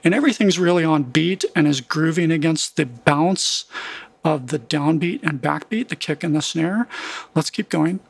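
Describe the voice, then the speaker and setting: A man's voice: fairly high pitch, moderate pace, creaky, breathy edge. A man giving a casual, explanatory music production tutorial, talking through a screen recording and thinking aloud as he goes.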